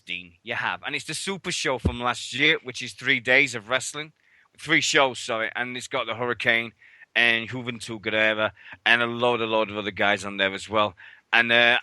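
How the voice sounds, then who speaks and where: A man's voice: mid-range voice, moderate pace, bright, forceful tone, dry recording. A man hosting a radio show, telling stories in casual, sweary chat and acting out what others said. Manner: chatty, sweary, acts out others' lines.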